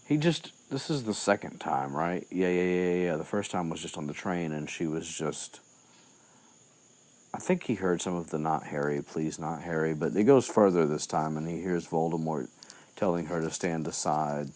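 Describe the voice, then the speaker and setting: A man's voice: sits low, moderate pace, darkish tone. A man recapping a book chapter in loose, rambling chat, with lots of fillers and restarts. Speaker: podcast host.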